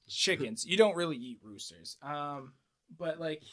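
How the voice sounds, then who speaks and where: A young man chatting casually on a podcast, telling crude stories in a rambling, laid-back way. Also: a little high. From United States. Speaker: podcast guest. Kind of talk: casual chat.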